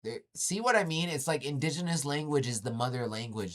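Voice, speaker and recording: A man casually commenting on a video he is watching, animated and slangy, often exclaiming. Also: mid-range voice, fairly quick, hardly any pauses.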